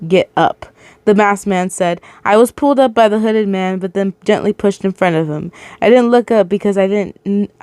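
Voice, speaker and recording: A woman's voice: medium pitch, fairly quick, few pauses, a little mellow, clear, resonant tone, no room sound. Emotional woman reading a story aloud. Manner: emotional, laughs at herself. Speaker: reader of fan fiction.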